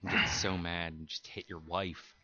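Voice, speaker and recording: Deep-voiced man in mock-official tone. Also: little pitch movement, moderate pace, background noise. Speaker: prank caller. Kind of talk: prank phone call banter. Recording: dull lo-fi tape.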